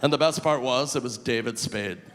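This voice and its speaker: A male stand-up comedian performing live on stage, animated and shouting his punchlines high. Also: normal speed, very noisy. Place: large live comedy venue. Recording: live hall with long reverb, faint crowd ambience.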